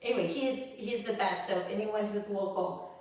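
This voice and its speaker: A woman's voice: mid-range voice, normal speed, a little mellow. A woman taking part in a yoga class video, chatting in a casual, self-deprecating way. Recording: roomy studio, heard from a distance.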